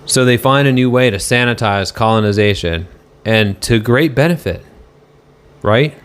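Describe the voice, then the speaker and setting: A man's voice: mid-range voice, moderate pace, smooth. A man on a casual live stream, answering chat in a rambling, argumentative way and swearing now and then.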